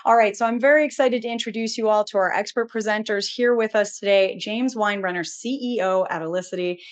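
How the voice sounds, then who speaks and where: A woman's voice: mid-range voice, brisk. A woman hosting a live webinar, upbeat and chatty, greeting audience members by name. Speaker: webinar host.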